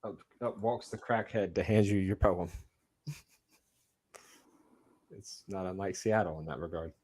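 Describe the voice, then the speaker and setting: A man's voice: low-pitched, steady tone, unhurried, a little mellow, slightly rough. A man hosting a casual film watch-along, joking wryly and laughing often. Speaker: host.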